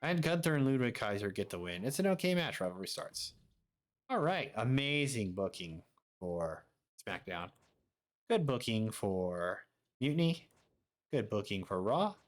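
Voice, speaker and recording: A man giving quick, offhand commentary as he plays a wrestling management game. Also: medium pitch, very animated. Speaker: gaming streamer.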